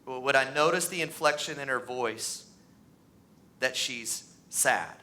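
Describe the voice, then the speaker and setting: A pastor in his thirties preaching a sermon in a church, animated and acting out the voices of the people in his stories. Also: measured pace. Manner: animated, acts out voices, pitch rises on mocking lines. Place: church sanctuary.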